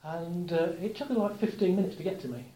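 A man giving a relaxed, chatty talk to a live audience, telling anecdotes with gentle humour. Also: high voice, fast talker, echoey room, a little hiss or hum, rough recording. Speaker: workshop speaker.

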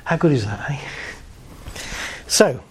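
A man's voice: medium pitch, slow pace, husky. A man giving a playful live motivational talk to an audience, telling jokes and stories. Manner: playful, joking, animated storytelling. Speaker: motivational speaker.

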